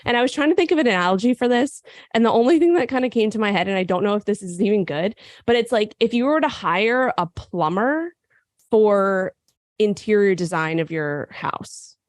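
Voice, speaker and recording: A woman co-hosting a fitness podcast, sick and raspy, explaining at length in casual chat with frequent fillers. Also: medium pitch, lively intonation, moderate pace, no echo, clean studio sound. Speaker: podcast co-host and nutrition coach.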